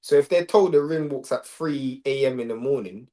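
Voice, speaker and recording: A young man, co-hosting a live stream and chatting in relaxed, slang-heavy banter. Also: medium pitch, moderate pace. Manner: laid-back slang-heavy talk, switches into patois. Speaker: co-host of a live watch-along stream. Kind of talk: casual banter.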